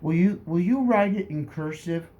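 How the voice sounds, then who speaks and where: A man's voice: high-pitched, moderate pace, mellow, highs cut off, pitched above the performer's own voice, natural voice. A man voicing an unruly little boy who makes short, plain requests.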